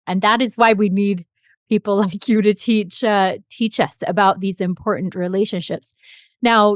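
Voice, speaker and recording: A woman's voice: a little high, no echo, studio quality. A woman hosting an interview, responsive and encouraging, with frequent short affirmations. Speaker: interview host. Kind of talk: interview conversation.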